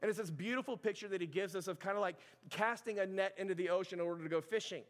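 A high-pitched man preaches in a loose, chatty way, filling his talk with "like" and "right". His voice rings out with a long hall reverb, as if from a church sanctuary. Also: fast. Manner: conversational preaching, many "like" and "right" fillers. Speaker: pastor. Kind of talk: sermon.

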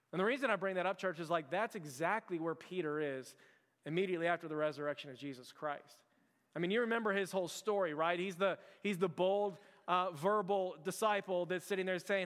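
A man preaching a conversational sermon at a quick clip, his voice a touch higher than most men's. He talks loosely, with lots of "like" and self-corrections. The sound carries a long church-hall reverb. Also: a bit bright. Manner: chatty, heavy use of "like" and restarts. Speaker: pastor. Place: church sanctuary.

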